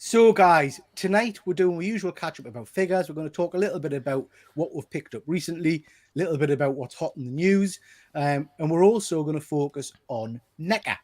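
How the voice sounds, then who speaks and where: A man's voice: a little high, fairly quick, darkish tone. A man with a Geordie accent from North East England, hosting a casual live-streamed chat about toys in a jokey, self-deprecating way. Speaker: host.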